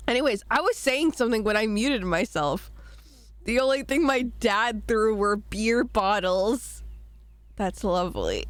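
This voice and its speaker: A woman's voice: fairly high pitch, a little slow, dry recording. A young woman streaming at home, chatting in a rambling, self-deprecating way while recovering from a cold, her throat itchy and a cough breaking in now and then. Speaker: VTuber streamer. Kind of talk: casual live-stream chat.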